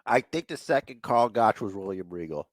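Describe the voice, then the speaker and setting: A man co-hosting a casual wrestling podcast, excitable and laughing, often acting out quoted voices. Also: on the low side, moderate pace, no room sound. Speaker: podcast co-host.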